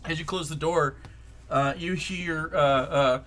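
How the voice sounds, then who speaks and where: A man's voice: a little high, steady tone, slow, fairly bright tone, a little hiss or hum. A man narrating a tabletop game as game master, casual and profane, with many ums and likes.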